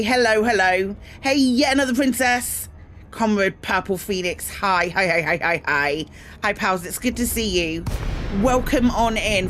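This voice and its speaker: A British woman streams a space game and chats casually with her viewers, greeting them in bursts. Her voice is a little high with a slight hiss or hum, and she fills the live-stream talk with frequent ums and self-mocking asides.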